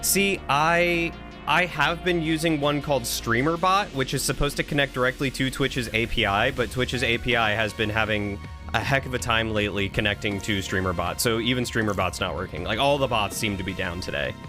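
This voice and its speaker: A man streaming a game, chatting loosely with his viewers. He rambles as he reads and answers their messages, with faint music playing quietly behind him. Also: mid-range voice, brisk. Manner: rambling, reading and answering chat. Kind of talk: casual live-stream chat.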